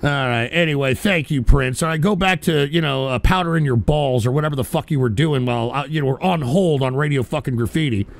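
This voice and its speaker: A man's voice: medium pitch, fairly quick, creaky, hardly any pauses. A man hosting a call-in radio show, ranting brashly, swearing and repeating himself as he takes calls. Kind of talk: profane call-in radio rant.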